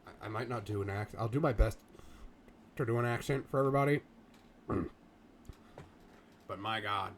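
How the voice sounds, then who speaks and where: A man's voice: lowish voice, moderate pace, long pauses. A man hosting a let's-play, making wry, self-deprecating asides with a slightly scratchy voice. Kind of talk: casual gaming commentary.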